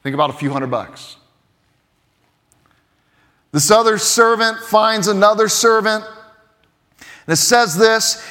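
Male pastor, earnest and emphatic, high-pitched, preaching in a reverberant sanctuary. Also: slow, long pauses. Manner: earnest, emphatic, swings between loud and hushed. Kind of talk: sermon.

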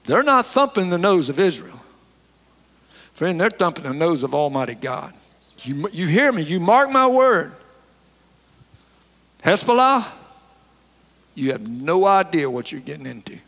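A man's voice: a little high, very animated, measured pace, pauses often, fairly bright tone. A man preaching a sermon, folksy and emphatic as he tells a story. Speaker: pastor. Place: church sanctuary. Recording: long hall reverb.

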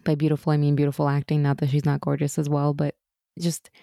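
Gushing woman with a mellow, lowish voice. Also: monotone, fast, gravelly, no echo, clean studio sound. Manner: enthusiastic, gushing, acts out quoted lines. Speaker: podcast co-host. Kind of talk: casual chat recapping a TV episode.

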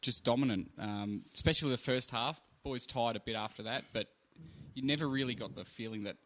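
A young Australian man speaks as a podcast guest with a bright, sharp-edged voice. He talks in a relaxed, halting way and pauses often with fillers. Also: mid-range voice. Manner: laid-back, halting with fillers. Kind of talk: casual podcast chat.

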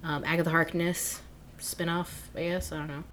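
A woman co-hosting a podcast, chatting casually and gushing with excitement, with lots of fillers. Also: lowish voice, moderate pace, slight background noise. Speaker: podcast co-host. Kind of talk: casual fan chat.

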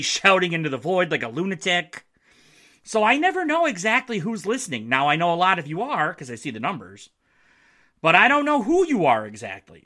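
A man's voice: fairly high pitch, pushed and bright. A man hosting a solo sports podcast from his basement, casual and jokey, with playful self-mocking asides. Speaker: podcast host. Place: home basement.

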